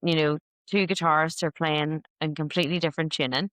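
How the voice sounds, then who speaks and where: A woman, a singer, chats as a podcast guest, her low voice recorded close and dry. She tells her stories with animation and acts out her own exclamations along the way. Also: fairly quick, dry recording. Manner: lively, animated storytelling with acted-out exclamations. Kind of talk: casual conversation.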